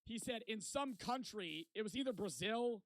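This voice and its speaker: A man's voice: sits high, moderate pace, slight background noise. Young man telling a profane story. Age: 20s. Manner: profane, rambling, animated. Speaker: vlogger. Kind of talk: casual storytelling.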